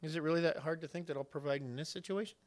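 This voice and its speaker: A man preaching a sermon, earnest and building to loud emphasis as he acts out the replies of God and friends. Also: a little high, very fast. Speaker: pastor.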